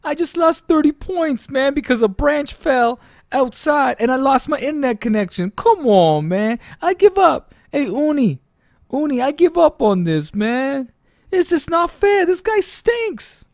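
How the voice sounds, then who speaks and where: A man voicing a young male gamer who whines and complains in a high, strained voice. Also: big pitch swings, a little slow, gravelly, dry recording, clean studio sound, heavily acted. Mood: whiny. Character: excitable young man gamer, whiny sore loser.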